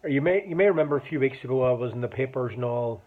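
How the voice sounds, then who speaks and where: A Northern Irish man in his forties talks straight to the camera, rambling through a personal story with frequent restarts and a swear word here and there. His voice sits at an ordinary middle pitch. The sound is thin and tinny, like a phone line. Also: very fast. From Northern Ireland. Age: 40s. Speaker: vlogger. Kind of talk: casual personal monologue.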